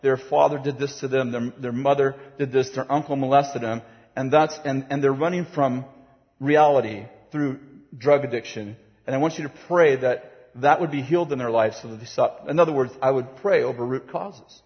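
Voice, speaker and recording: A man's voice: medium pitch, normal speed. A man preaching, telling a story with acted-out voices and bursts of laughter, speaking from a platform in a large hall. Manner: animated, acts out voices, laughs while telling. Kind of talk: sermon storytelling. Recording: dull, reverberant hall sound.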